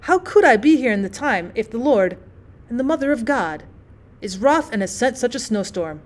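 A woman's voice: on the high side, big pitch swings, normal speed. A woman reading the part of an anxious old peasant turner who mutters, pleads and rambles. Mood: pleading. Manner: pleading, rambling, self-pitying.

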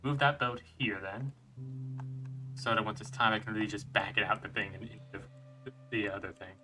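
A man's voice: lowish voice, steady tone, fairly quick. A man streaming a video game and thinking aloud as he plays, chuckling and restarting his sentences. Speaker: gaming streamer. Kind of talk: let's play commentary.

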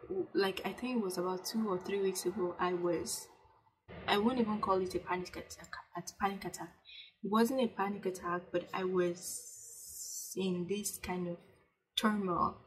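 A young woman talks straight to camera, giving earnest self-care advice in a loose, chatty way. She circles back and repeats herself, full of "like" and restarts, and urges listeners to say things out loud. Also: mid-range voice, poor audio. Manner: coaching, urges viewers to speak aloud. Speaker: vlogger. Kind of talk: casual self-help talk to camera.

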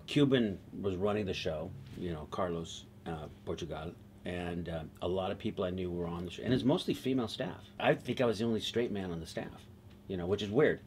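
Animated low-voiced man telling stories. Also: slight background noise. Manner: animated, laughs easily, slips into quoted voices. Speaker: TV writer, interview guest. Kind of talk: conversational storytelling.

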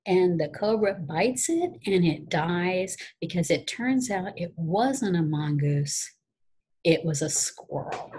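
A middle-aged teacher tells her students a casual story in a chatty, animated way. Her voice is lowish and very husky, and she repeats phrases as she goes. She keeps it easy and conversational. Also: slow pace, low-quality recording.

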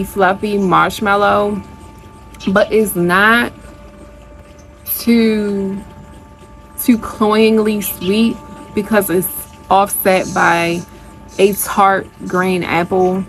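A woman's voice: medium pitch, fairly even intonation, very slow, long pauses, faint music behind, low-quality recording. A woman vlogger chatting casually to her viewers in a product review, gushing and calling them y'all.

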